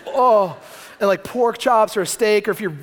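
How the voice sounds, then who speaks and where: A male pastor in his thirties delivers a sermon with an animated, joking storyteller's manner. His voice sits high for a man. A long reverb trails every phrase, as if he is speaking in a large hall before a congregation. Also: moderate pace.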